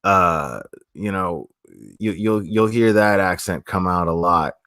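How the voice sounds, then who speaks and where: Slow and smooth, a low-sitting male voice with a fairly bright tone comes from a South Florida streamer with a South Florida accent. He chats casually and answers comments on his livestream, rambling, swearing, and restarting a lot, in clean studio audio without echo.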